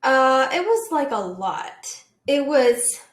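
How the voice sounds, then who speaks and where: A woman in her twenties telling a story in a casual chat, animated and full of "like"s and laughs. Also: high-pitched, slow pace, roomy sound. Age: 20s. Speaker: guest, host's daughter.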